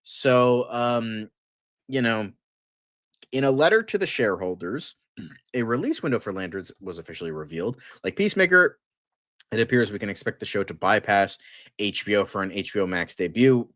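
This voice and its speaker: A man hosting a casual fan news livestream, excitable and rambling, with lots of fillers and frequent swearing. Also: lowish voice, normal speed, no room sound, studio quality.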